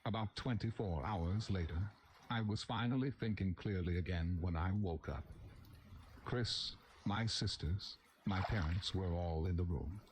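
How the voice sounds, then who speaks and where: A young man reading a scary first-person story aloud as a narrator, with a steady, even storytelling delivery. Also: low-pitched, measured pace, slight background noise. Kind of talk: scripted horror story narration.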